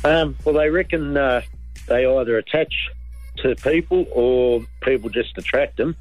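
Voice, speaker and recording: A man's voice: mid-range voice, measured pace, dry recording, soft background music, poor audio. A man calling in and telling a story in a casual, rambling way. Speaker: caller. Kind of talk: phone-in storytelling.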